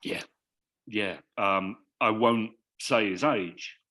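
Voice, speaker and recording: A man from northern England, an actor being interviewed, talking in a wry, self-deprecating way with thoughtful pauses. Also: fairly low pitch, bright, forceful tone. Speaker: actor guest. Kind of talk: casual interview chat.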